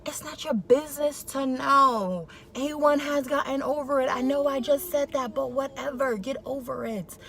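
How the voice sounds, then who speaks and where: A woman's voice: sits high, moderate pace, hardly any pauses. A young woman giving an opinionated, colloquial recap of a reality show episode in a casual vlog. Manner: opinionated, sassy, colloquial, animated. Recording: clear background noise, vehicle sounds.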